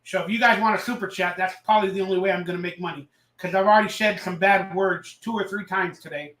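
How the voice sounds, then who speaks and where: A man's voice: high voice, steady tone, fast, a bit bright, reverberant, distant mic. A man hosting a casual live stream, ranting sarcastically and reading out viewer comments. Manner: ranting, sarcastic, reads chat aloud.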